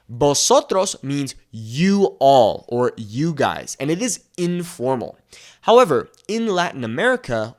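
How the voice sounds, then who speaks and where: In a medium-pitched voice, a young man teaches Spanish pronunciation. Nearly every point ends with a check-in "okay?", and he stretches out example words by slowing his delivery.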